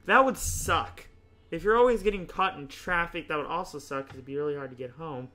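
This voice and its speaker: A young man hosting a casual gaming video, chatting and thinking out loud, often laughing as he rambles through choices. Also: on the high side, fairly quick. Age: young adult. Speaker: YouTube host playing a choice game.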